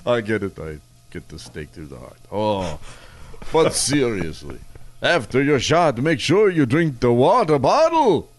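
A man's voice: medium pitch, sing-song, measured pace, voice pushed up. A man voicing a corny Dracula-style male vampire comedian with a mock Transylvanian accent, groaning at his own jokes. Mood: hammy. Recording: noisy playback with clicks.

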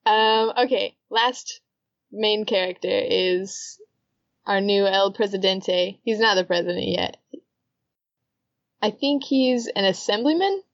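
A woman's voice: mid-range voice, slow, dry recording, muffled recording. A woman co-hosting a podcast, chatting casually and recapping a story at length, laughing often. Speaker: podcast co-host. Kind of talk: casual chat.

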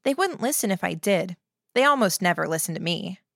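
A woman voicing a calm, clinical young woman medic who speaks in a flat, detached way. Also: fairly low pitch, a little fast, creaky, dry recording, clean studio sound, full character voice. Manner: flat, textbook-reciting delivery.

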